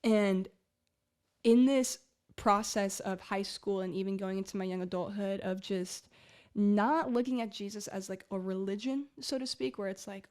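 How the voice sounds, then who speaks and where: A young woman in her twenties talks through her faith story in a loose, heartfelt ramble. She keeps circling back with "like" and false starts, speaking straight to the listener in a voice of ordinary middle pitch. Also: unhurried, darkish tone. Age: 20s. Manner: earnest, rambling, heavy use of "like". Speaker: faith podcast host. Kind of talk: casual personal testimony.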